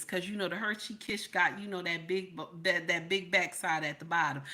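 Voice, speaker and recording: A middle-aged woman hosting casual livestream commentary, loud and playful, answering her chat as she talks. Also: fairly high pitch.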